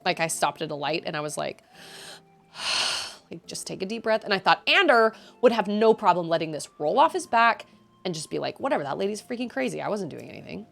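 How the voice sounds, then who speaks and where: A woman's voice: fairly low pitch, animated, normal speed, creaky, a bit bright. A woman streaming a game, venting in casual chat to her viewers, rambling with frequent restarts. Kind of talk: casual chat while gaming.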